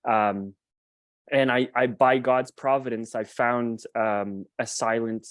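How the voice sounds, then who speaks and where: A man's voice: medium pitch, steady tone, slow pace, smooth, no echo. A young adult man guesting on a podcast, earnestly telling a personal story and often restarting his sentences. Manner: earnest and reflective, with frequent restarts.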